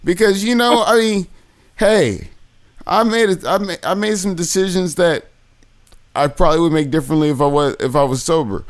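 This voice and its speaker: High voiced guy hosting a podcast, crude jokes, interrupts with one-liners. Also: normal speed. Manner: crude joking banter, cuts in with wisecracks. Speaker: podcast host. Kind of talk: casual podcast chat.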